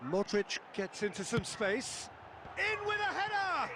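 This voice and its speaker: A man's voice: very high voice, very animated, a little slow, heavily acted. A man playing an adult male football play-by-play commentator in a video game, calling the match and rising on chances. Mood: excited. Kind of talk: scripted sports commentary. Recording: game audio with noise behind.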